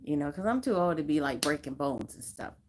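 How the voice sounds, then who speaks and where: A woman's voice: low voice, animated, a little fast. A woman from Southern California hosting a casual livestream, chatting and greeting viewers by name with frequent laughs. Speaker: livestream host.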